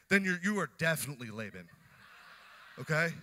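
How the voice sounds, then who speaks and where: Male pastor, bright and animated, acts out characters mid-sermon. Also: a little high, fairly quick.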